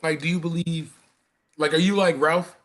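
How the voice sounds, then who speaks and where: A man with a high voice chatting casually on an online panel over a video call. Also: steady tone, moderate pace, a bit bright. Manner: high voice that others tease.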